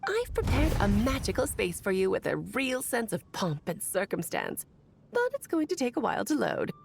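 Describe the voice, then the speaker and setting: A woman's voice: mid-range voice, huge pitch swings, moderate pace, creaky, darkish tone, a little hiss or hum. A woman voicing a mischievous, theatrical witch who speaks with sweet, teasing grandness, in a video game.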